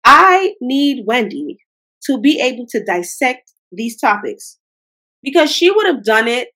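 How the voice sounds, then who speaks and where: A woman's voice: fairly high pitch, fairly bright tone. A young woman hosting a podcast, talking in a chatty, emotional way with playful slang. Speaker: podcast host. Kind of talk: casual commentary.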